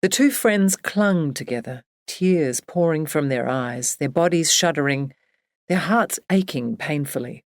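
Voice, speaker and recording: A woman reading a novel aloud in measured, even narration. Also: low voice, dry recording, clean studio sound. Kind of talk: scripted audiobook narration.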